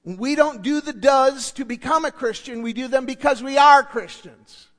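A man preaching a sermon as a pastor. He is emphatic, drops to hushed asides, builds to shouted points and repeats key words for effect. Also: very high-pitched, normal speed. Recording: long reverb of a large hall.

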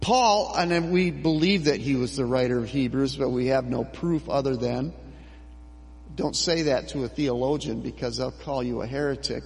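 A middle-aged man preaching a sermon as pastor, slow and emphatic with dramatic pauses. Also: medium pitch, darkish tone, big-room sound, slight background noise.

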